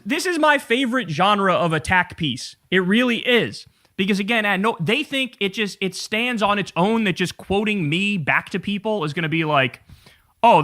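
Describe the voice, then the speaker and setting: A man in his thirties giving profane, animated reaction commentary as a political commentator on a live stream. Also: sits high. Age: 30s.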